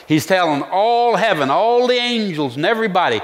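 A male pastor preaching a sermon in an earnest way, pausing to reflect and restarting his phrases. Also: on the high side, big pitch swings, a bit bright, in a large hall.

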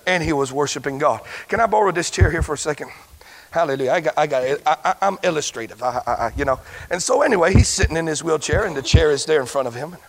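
A man preaching a sermon as pastor, stumbling over repeated words and breaking into shouted exclamations. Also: fairly high pitch, lively intonation, fast talker, creaky. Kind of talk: sermon with a healing testimony.

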